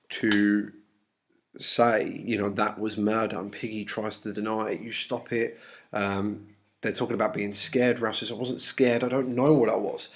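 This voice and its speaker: A man teaching an English lesson, explaining a novel with frequent ums and uhs. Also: lowish voice.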